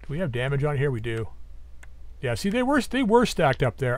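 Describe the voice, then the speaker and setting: A man giving casual gameplay commentary, thinking aloud as he plans, his voice going a bit hoarse. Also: medium pitch, big pitch swings, fairly quick, no echo. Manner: thinking aloud, musing and planning.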